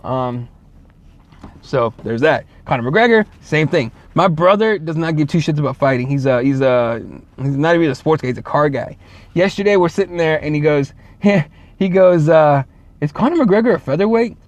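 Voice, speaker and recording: A man's voice: fairly high pitch, normal speed, no room sound. A man hosting a casual solo show, rambling and swearing, full of fillers and restarts. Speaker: show host.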